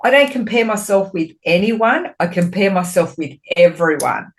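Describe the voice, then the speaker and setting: This woman is a spiritual medium who co-hosts a podcast, and she speaks candidly and expressively in casual conversation. She swears freely and grows animated when recounting her conversations with spirit. Her pitch is fairly low and her speed normal.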